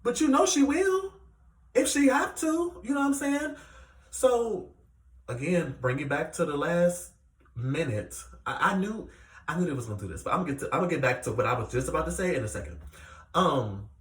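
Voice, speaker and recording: A man giving a casual, animated recap of a reality show, with plenty of fillers as he retells the scenes. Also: on the high side, normal speed. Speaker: reality TV reviewer. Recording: echoey room, distant mic.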